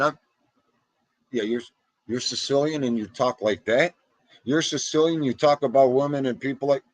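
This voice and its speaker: Gravelly North Jersey man on a livestream. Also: mid-range voice, unhurried, long pauses, dry recording. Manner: rambling, animated, Italian-American slang. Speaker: livestream host reading chat. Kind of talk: casual livestream chat.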